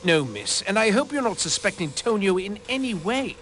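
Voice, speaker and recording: A gentle, nervous passenger in an adventure game, speaking high and lilting. He gets flustered easily, stopping and restarting his sentences. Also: sing-song, moderate pace, slight background noise. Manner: flustered, trailing off. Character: nervous, gentle man who shares a compartment and works with a friend. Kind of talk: voice acting in a video game.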